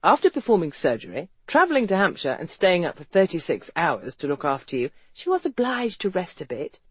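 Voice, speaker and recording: Narrator plays a sardonic young man, light teasing patter, lively pitch. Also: brisk, breathy edge, dry recording. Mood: dry. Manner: light aimless banter in mock cheer.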